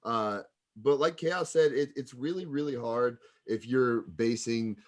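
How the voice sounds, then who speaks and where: A man's voice: medium pitch, measured pace. A man coaching wrestling students, giving rambling casual feedback full of fillers. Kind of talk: casual critique.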